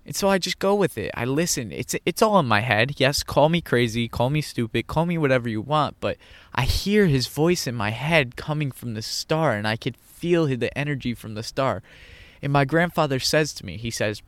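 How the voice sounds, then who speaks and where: A man's voice: medium pitch, expressive, moderate pace, dry recording. A man telling a personal story in an earnest way, repeating phrases for emphasis. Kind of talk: personal monologue.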